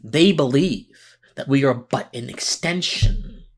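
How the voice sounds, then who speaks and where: A man's voice: mid-range voice, slow pace. Tired, earnest male podcast host. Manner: earnest and impassioned, unscripted with restarts. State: mentally tired, talking slower than usual. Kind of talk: political commentary monologue.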